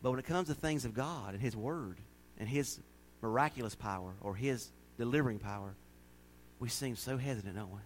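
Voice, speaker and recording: A man preaching a sermon as pastor, folksy and conversational, then building to shouted, drawn-out preaching. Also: mid-range voice, slight background noise.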